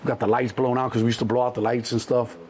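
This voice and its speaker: A middle-aged man from Chicago, a guest telling animated street stories, acting out the voices in the quotes and swearing freely. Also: mid-range voice, very fast, a little hiss or hum. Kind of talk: storytelling interview.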